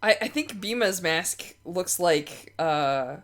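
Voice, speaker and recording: A woman's voice: on the low side, expressive, slow pace, a bit bright. A woman playing a tabletop game, talking casually with stammers and restarts. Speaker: player.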